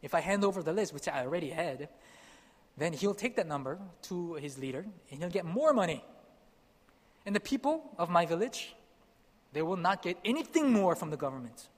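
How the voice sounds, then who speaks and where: A young man from Korea telling a personal testimony as a missionary speaker, animated and acting out the dialogue. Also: sits high, brisk. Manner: animated, acts out dialogue, laughs at himself. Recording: long hall reverb.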